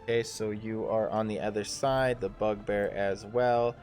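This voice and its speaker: A man narrating a live tabletop game as game master, halting often with ums and restarts. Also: on the low side, steady tone, a little mellow, faint music behind.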